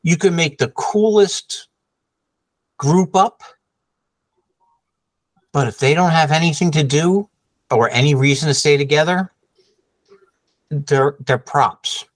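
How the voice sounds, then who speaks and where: A man's voice: on the high side, takes it slowly, pauses often, no room sound. A man co-hosting a podcast in casual chat, explaining his ideas thoughtfully with a shifting pace. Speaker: podcast co-host.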